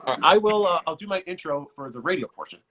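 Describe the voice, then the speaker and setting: A man's voice: a little high, expressive, fast talker, fairly bright tone. A man hosting a casual live-stream interview, rambling and joking with many restarts. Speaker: talk show host.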